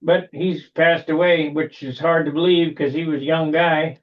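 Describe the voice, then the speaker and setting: A man's voice: a little high, fairly even intonation, moderate pace. A man chatting in a folksy, salty way as host of a video call meeting. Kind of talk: casual video call chat. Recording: muffled video call audio.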